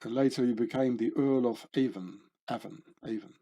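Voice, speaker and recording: A man's voice: mid-range voice, moderate pace, warm tone. A man giving casual commentary as he reads through a list of names, musing and rambling, trailing off with fillers and correcting himself. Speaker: video commentator.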